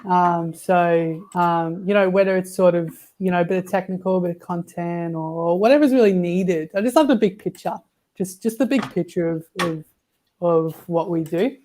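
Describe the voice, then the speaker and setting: A man introducing himself on a webinar, relaxed and hesitant with frequent ums and restarts. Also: sits high, moderate pace. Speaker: guest, agency SEO manager. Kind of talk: casual self-introduction.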